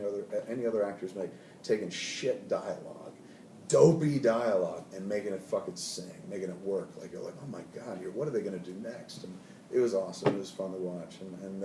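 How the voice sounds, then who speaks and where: A man in his forties, a film director, animated and profane, telling stories from a film set in an interview and quoting people in put-on voices. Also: sits low. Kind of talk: interview storytelling. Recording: roomy, from far off, faint noise.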